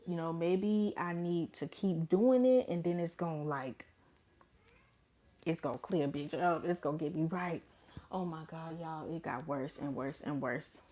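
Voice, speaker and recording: A young woman talks straight to her vlog audience in a loose, blunt, profane way. She acts out what she said to others with sudden jumps in her voice. Her voice sits a bit low for a woman. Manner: animated, blunt and profane, with dramatic quoted asides. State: pregnant. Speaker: vlogger. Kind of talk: casual storytime vlog.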